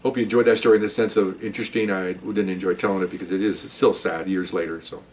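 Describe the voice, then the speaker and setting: A man's voice: deep voice, steady tone, quick pace, distant mic. A man, a former police officer, telling a story in a casual monologue, acting out the other people's lines with a raised voice.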